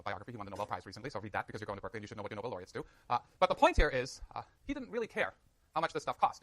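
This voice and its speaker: Fast, animated male economics lecturer. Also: on the high side, no echo. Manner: energetic, joking with students. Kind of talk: university lecture. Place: lecture hall.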